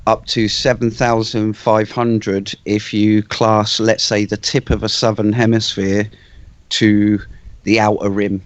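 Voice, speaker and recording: A man's voice: fairly low pitch, little pitch movement, slow, no echo, highs cut off. A man on an online panel quoting distances and measurements in casual chat. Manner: cites figures and measurements. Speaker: panel guest.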